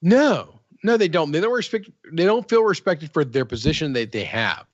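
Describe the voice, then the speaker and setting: Man, podcast host, casual rambling banter, fillers, lively pitch, dull lo-fi recording. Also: moderate pace, no echo. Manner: rambling, lots of fillers and laughs.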